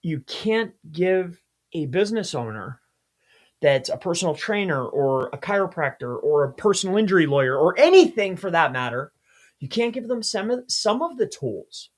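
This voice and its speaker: Emphatic man with a lively voice. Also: sits high, moderate pace. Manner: emphatic, addresses viewers directly. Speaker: SEO consultant. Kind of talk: screen-share tutorial.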